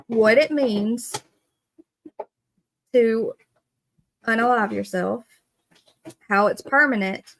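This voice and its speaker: A woman's voice: on the high side, a bit bright. A woman, hosting a casual live stream and earnestly greeting viewers by name. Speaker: livestream host.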